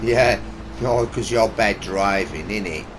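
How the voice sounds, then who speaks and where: A man's voice: takes it slowly, a little hiss or hum. Teasing man on a headset. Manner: teasing, swearing, mumbled low asides. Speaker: gaming channel host. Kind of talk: casual game commentary over party chat. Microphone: headset mic.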